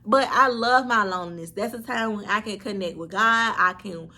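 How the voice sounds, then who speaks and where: A woman's voice: medium pitch, moderate pace, pushed and bright. A woman, telling a candid storytime vlog and talking straight to her viewers with earnest, preachy advice. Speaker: vlogger.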